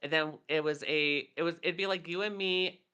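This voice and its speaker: A woman's voice: sits low, fairly even intonation, moderate pace, sharp tone, clean tone. A woman co-hosting a podcast, telling rambling stories in casual chat, full of fillers. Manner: rambling storyteller, many fillers. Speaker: podcast co-host.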